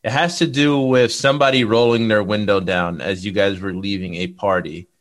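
A man hosting a podcast, relaxed and conversational, steering the guest with questions. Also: fairly low pitch, moderate pace. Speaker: podcast host. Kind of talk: casual interview chat.

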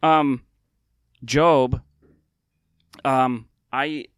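A man's voice: medium pitch, steady tone, very slow, clean tone, dry recording, clean studio sound. A young adult man hosting a podcast, talking candidly and from the heart, with many fillers and restarts. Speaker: podcast host. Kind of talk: casual personal talk.

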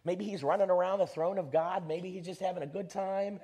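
A pastor preaching an animated sermon and leading his congregation in call-and-response. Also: high-pitched, fairly quick.

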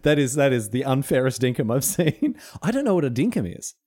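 An Australian man chats on his podcast in a mellow, dark-toned voice. His pitch swings widely as he jokes and patiently unpacks slang for his co-host. It is easygoing, conversational talk. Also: very animated, fairly quick. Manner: explains carefully, playful, breaks into laughter. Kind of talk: casual chat.

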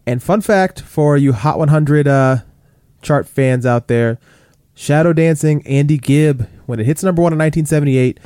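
A man hosts a chart countdown in a relaxed, chatty way, with plenty of "you know" and "like" fillers. His voice is mellow and smooth. The mic is close and dry, with no room sound. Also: fairly high pitch, normal speed, dry recording. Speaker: podcast co-host counting down chart hits. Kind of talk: casual chart countdown chat.

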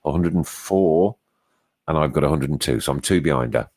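A man's voice: very deep voice, brisk, a little mellow. A man co-hosting a casual football podcast, chatty and running through league standings. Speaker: podcast co-host. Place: small studio.

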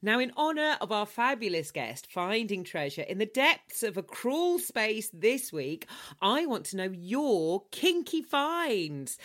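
A woman's voice: mid-range voice, fairly bright tone. A woman in her forties hosting a podcast, chatting in a cheeky, playful, bubbly way. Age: 40s. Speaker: podcast host. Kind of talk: casual podcast chat.

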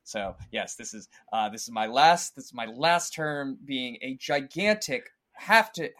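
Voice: mid-range voice, lively intonation, measured pace, fairly bright tone. A player at a tabletop game, talking casually and joking, often stumbling over words.

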